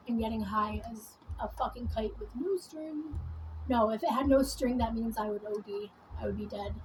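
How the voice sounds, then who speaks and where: A woman's voice: fairly high pitch, a little mellow, a little hiss or hum, rough recording. A woman vlogging in a casual, rambling monologue full of swearing and fillers while she does her makeup. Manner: rambling, profane, many fillers. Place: at home doing her makeup.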